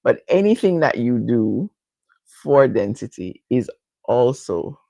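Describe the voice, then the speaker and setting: Chatty Jamaican woman, gravelly voice. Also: rumbling low, very animated, takes it slowly, warm tone, no room sound. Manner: chatty, laughs often, answers viewers directly. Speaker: hair care vlogger. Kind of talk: casual live chat with viewers.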